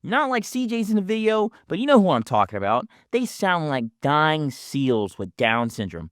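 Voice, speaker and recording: A man's voice: mid-range voice, very animated, normal speed, hardly any pauses, no room sound, studio quality. A man narrating scripted vlog commentary with a sarcastic, punchy delivery. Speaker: vlogger.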